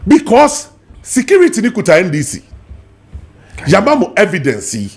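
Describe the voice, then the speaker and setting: A man with a Ghanaian accent hosting a heated political talk show, emphatic and animated, switching between English and Twi. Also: sits high, moderate pace, husky. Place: TV studio.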